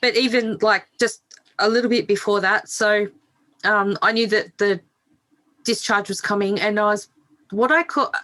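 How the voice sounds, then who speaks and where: A middle-aged woman tells her own story on a podcast with a bright, forceful edge to her voice. She speaks frankly, swears without hesitation and laughs at herself along the way. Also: mid-range voice, fairly even intonation, moderate pace. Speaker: podcast guest. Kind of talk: candid interview storytelling.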